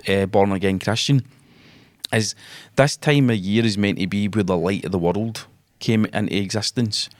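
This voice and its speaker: A man's voice: fairly low pitch, normal speed, no room sound, studio quality. A Scottish man co-hosting a podcast, telling stories wryly and dramatically in casual sweary chat. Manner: wry, sardonic, dramatic storytelling. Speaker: podcast co-host.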